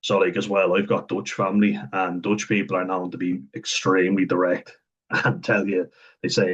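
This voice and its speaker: The autism vlogger muses freely in his very deep, husky voice with a touch of breathiness and a level tone. It's loose and unplanned: lots of chuckles and ums, and regular pauses while he thinks things through.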